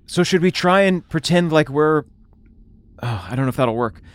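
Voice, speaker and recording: A man playing a tabletop game with a fairly high, lively voice that swings up and down. He sounds friendly as he chimes in to the group. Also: moderate pace. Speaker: player. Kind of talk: casual tabletop play.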